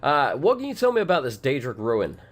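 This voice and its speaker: Speaking briskly in a mid-range voice with huge swings in pitch, this let's play host chats casually about his game. His manner is brash and foul-mouthed, his voice cracks repeatedly, and game music runs underneath.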